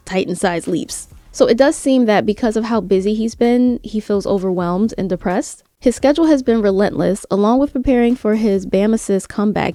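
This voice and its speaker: An earnest woman speaks conversationally to her viewers, full of "like" and quick restarts. Her voice is mellow and relaxed, recorded close and dry with no room sound. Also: mid-range voice, no room sound. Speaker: vlogger. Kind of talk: casual commentary vlog.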